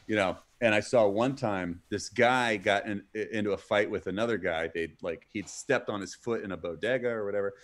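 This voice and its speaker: A man's voice: on the low side, brisk, few pauses. A man in his forties on a livestream, telling a story in a loose, rambling way full of "like" and restarts. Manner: rambling, heavy use of "like", restarts mid-sentence. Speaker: stream co-host. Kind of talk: casual storytelling chat.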